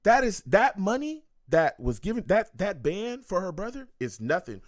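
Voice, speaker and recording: A man's voice: high-pitched, very animated, moderate pace, no room sound, clean studio sound. A man hosting a reaction video, giving blunt and preachy commentary that repeats its points. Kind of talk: casual commentary.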